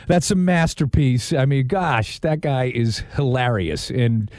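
A man with a slight Boston accent hosting a radio talk show, animated and rambling, with restarts. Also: mid-range voice, measured pace, dry recording. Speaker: host.

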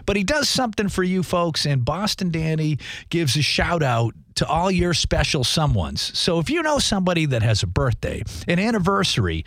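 A man's voice: a little high, sing-song, moderate pace, fairly bright tone, no echo. A man hosting a talk show, speaking in a folksy, rambling way with lots of fillers and restarts. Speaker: radio show host. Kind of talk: casual talk show monologue.

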